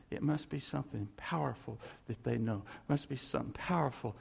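A man preaching a conversational sermon in a church hall, animated and jokey, talking straight to his congregation. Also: mid-range voice, brisk, vocal fry, few pauses, husky. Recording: long hall reverb.

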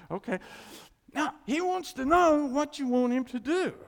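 Gravelly guy preaching in a church, voice jumps all over, long echo. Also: very high-pitched, unhurried. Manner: animated preaching, swings from loud cries to quiet asides. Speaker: pastor. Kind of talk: sermon. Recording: long hall reverb.

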